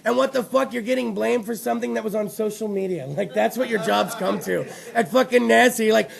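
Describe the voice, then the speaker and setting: Man, talk show host, very high voice, heavy gravel, crude and jokey, loud. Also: brisk, hardly any pauses. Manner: loud, crude, jokey, swings into a soft low put-on voice. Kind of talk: profane live internet talk show.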